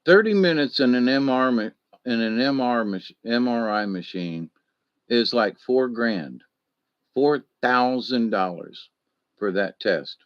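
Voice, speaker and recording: Slow, rambling man on a live stream. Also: mid-range voice, expressive, dry recording, dull audio. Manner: rambling, profane, tells anecdotes with sound effects; reads and answers chat comments. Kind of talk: casual solo live stream chat.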